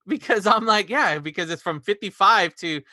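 A young man in casual movie chat who rambles and retells scenes, quick to call himself an idiot. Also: sits high, pushed and bright. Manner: rambling, self-deprecating, recounts scenes with quoted lines.

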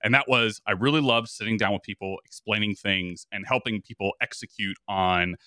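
Male podcast guest, announcer-type voice, low and punchy, energetic storyteller with lots of restarts. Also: a little fast, dry recording, studio quality. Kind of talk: casual conversation.

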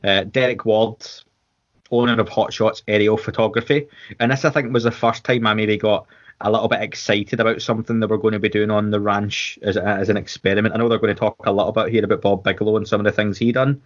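Scottish man, podcast co-host, rambling casual chat, lowish voice, dull lo-fi sound. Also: level tone, fast. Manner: chatty, rambling with restarts and fillers.

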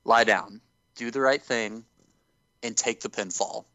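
A man in casual chat, retelling events in an animated way and acting out quotes as he goes. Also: fairly low pitch, unhurried, no room sound. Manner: animated storyteller who acts out quotes. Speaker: podcast co-host recapping wrestling.

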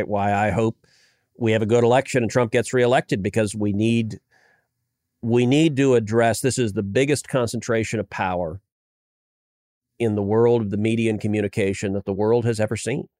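A man's voice: lowish voice, steady tone, normal speed, darkish tone, no room sound, studio quality. A man in his forties from the United States, a senator chatting as a podcast guest, telling stories with frequent restarts and stammers. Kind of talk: casual political podcast chat.

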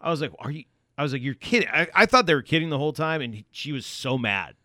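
A man's voice: fairly high pitch, expressive, very fast, pushed and bright, no room sound, studio quality. A man co-hosting a podcast, reacting bluntly and telling his own story with swearing. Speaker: podcast co-host. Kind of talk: casual chat.

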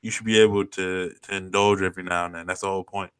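Bright-voiced profane man chatting. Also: low voice, level tone, smooth. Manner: laid-back, profane, drawn-out slang. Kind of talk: casual chat.

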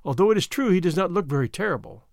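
A man voicing a suspicious, capricious male king who speaks slowly and doubtfully in a story reading. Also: sits high, animated, creaky, no echo, studio quality. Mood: mocking. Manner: slow, doubtful, commanding.

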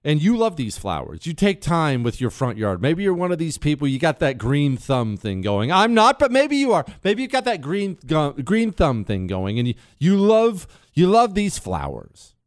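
A man hosting a political talk show, telling stories in an animated way and mimicking people in high voices. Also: normal speed, few pauses, no echo, clean studio sound. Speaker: radio talk show host.

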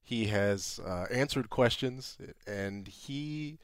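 A man on a sports talk panel with wry, deadpan humor. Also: medium pitch, slow, smooth, no room sound, studio quality. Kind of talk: casual sports chat.

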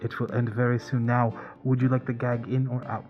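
A man voicing a sinister, unhurried surgeon who politely threatens his captives. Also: mid-range voice, level tone, dull audio, faint music behind, close to an everyday voice. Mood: calm menace.

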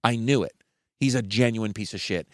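A man's voice: fairly low pitch, normal speed, dry recording, clean studio sound. A man, a comedian and podcast co-host, telling a story in casual chat, acting out the people in it and swearing freely. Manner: acts out quotes of hecklers and himself, swinging up loud for them.

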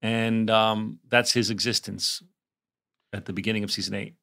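A man co-hosting a casual podcast chat over a remote call, excitable and self-deprecating, swearing casually. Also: lowish voice, normal speed, creaky. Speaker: podcast co-host. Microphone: remote call mic.

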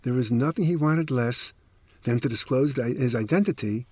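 A man's voice: medium pitch, moderate pace, a little mellow, no echo. A man narrating a true story on a podcast, emphatic with wry asides, close to the mic.

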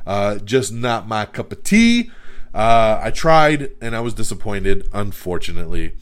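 A male podcast host talking through movie reviews in a loose, unscripted way. His voice sits at an ordinary middle pitch, and he trips over himself often, stopping and restarting his sentences. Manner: hesitant, many fillers and restarts. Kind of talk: casual review chat.

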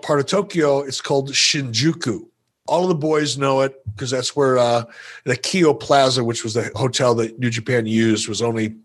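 A man holding the floor as a podcast guest, spinning a long anecdote with easy swearing and a self-amused streak. His voice sits at a plain, middle pitch for a man. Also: a bit bright, slightly rough. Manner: profane, playful, self-amused. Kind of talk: casual storytelling.

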